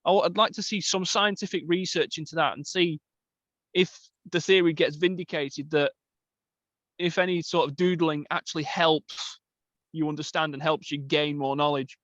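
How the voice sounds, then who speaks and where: A man's voice: fairly high pitch, fairly even intonation, moderate pace, a bit bright, no echo, lo-fi sound. Blunt emphatic man. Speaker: podcast guest. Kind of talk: casual group chat.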